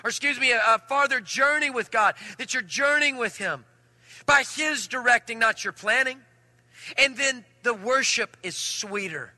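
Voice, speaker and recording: A man preaching a sermon, telling a personal story in an animated way that swings from loud to hushed. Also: extremely high pitch, normal speed, no echo. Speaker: pastor.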